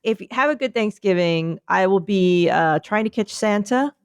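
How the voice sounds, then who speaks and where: A woman's voice: medium pitch, expressive, normal speed, clean tone, no echo, studio quality. Rambling playful woman podcaster. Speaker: podcast co-host. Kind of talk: casual comedic chat.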